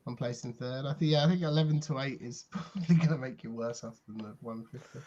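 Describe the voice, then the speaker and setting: A man running a tabletop role-playing game as game master, calling rolls in a relaxed way. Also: mid-range voice, fast talker, lo-fi sound, a crowd in the background. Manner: calls rolls, plays side characters, relaxed.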